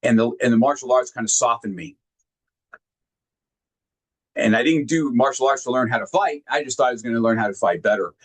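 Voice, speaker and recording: A man giving a heartfelt motivational talk, sharing personal stories earnestly and emphatically, often halting and repeating words when moved. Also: medium pitch, breathy edge. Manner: emphatic, directly addresses listeners. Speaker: motivational speaker.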